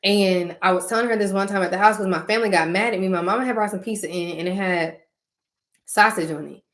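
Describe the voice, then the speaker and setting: A woman hosting her channel, chatting casually with viewers about spiritual matters. She tells stories in an animated way and acts out her own reactions. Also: mid-range voice, fast talker. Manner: uses casual slang, talks directly to listeners. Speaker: channel host talking to viewers.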